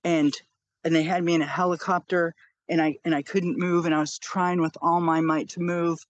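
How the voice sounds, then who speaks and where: An older woman with grandchildren, earnestly recounting a personal near-death experience in an animated, repetitive way. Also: lowish voice, moderate pace, dry recording, lo-fi sound. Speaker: storyteller.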